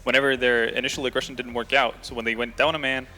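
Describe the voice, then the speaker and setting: A man's voice: mid-range voice, level tone, quick pace, bright, forceful tone, faint music behind. A man giving analytical breakdowns of team play as an esports analyst on a studio desk. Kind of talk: fast studio analysis chat.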